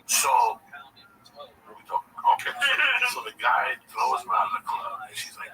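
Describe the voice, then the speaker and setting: A man's voice: very high voice, huge pitch swings, moderate pace. Rambling, profane male comedian, far from the mic. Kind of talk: casual storytelling chat. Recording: distant mic with background noise.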